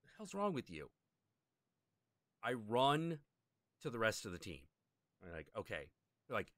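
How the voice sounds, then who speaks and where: A stream host tells a long anecdote in casual chat, animatedly acting out the people he quotes. His voice is fairly low and unhurried, with frequent pauses, on a dry recording.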